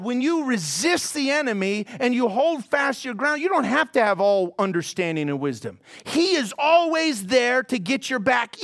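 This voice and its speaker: A man pastor preaching a sermon, telling a story in an animated way and laughing often. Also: very high-pitched, creaky, no echo, clean studio sound.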